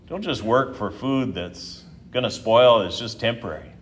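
A man's voice: medium pitch, normal speed, few pauses. A middle-aged man, a pastor, preaching a conversational sermon that closes in prayer.

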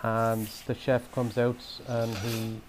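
A man's voice: medium pitch, completely flat delivery, takes it slowly, slight background noise. A man explaining traditional dishes in a casual chat, often restarting his sentences as he goes. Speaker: chef guest. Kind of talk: casual chat about cooking.

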